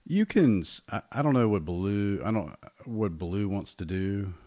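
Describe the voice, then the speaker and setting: A man running a tabletop game as game master, talking in a halting way with many restarts. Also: fairly low pitch, warm tone. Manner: halting, full of restarts and fillers.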